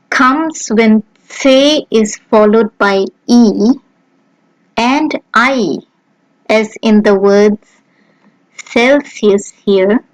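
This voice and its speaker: A woman with a fairly high voice reads out a beginner lesson at a very slow, deliberate pace. Every sound is spelled out clearly and carefully. The recording is dry and close. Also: no room sound, poor audio. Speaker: language teacher. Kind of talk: slow scripted lesson narration.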